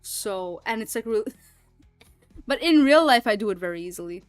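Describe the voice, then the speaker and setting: A woman's voice: medium pitch, lively intonation, moderate pace, no room sound, soft background music. A young woman streaming, chatting casually and rambling with lots of fillers and frequent laughs. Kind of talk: casual livestream chat.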